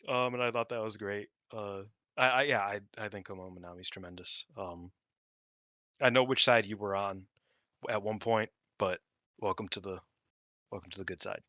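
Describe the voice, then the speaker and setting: Bright-voiced man rambling casually. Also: fairly low pitch, moderate pace, no echo. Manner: rambling, full of fillers and swearing. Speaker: podcast co-host. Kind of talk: casual chat.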